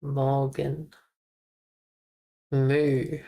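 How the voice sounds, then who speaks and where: A streamer practising German pronunciation on a live stream, slowly repeating words over and over with chuckles and the odd mild swear. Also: mid-range voice, steady tone, gravelly.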